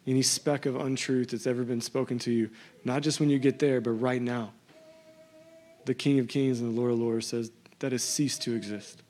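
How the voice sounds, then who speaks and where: A man in his thirties preaches to his church, moving between scripture reading and plain personal storytelling. His voice sits at a middle pitch and stays fairly level, with little rise and fall. His manner is earnest and conversational. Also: dark tone. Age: 30s. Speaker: pastor. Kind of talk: sermon.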